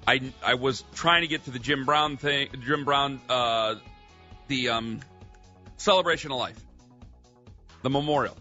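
A man telling a story on a radio show, lively and acting out what people said. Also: medium pitch, muffled recording. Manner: animated storyteller, acts out quotes. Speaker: radio contributor.

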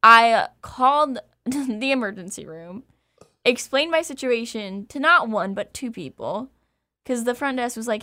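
A woman host telling a personal story in casual chat, candid and animated, laughing as she goes. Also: a little high, unhurried, a little hiss or hum.

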